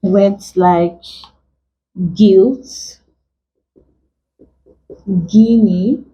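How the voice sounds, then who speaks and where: A woman English tutor teaching vowel sounds for exam preparation, saying example words slowly and often repeating them. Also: mid-range voice, dark tone, lo-fi sound. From Nigeria. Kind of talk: exam prep lesson.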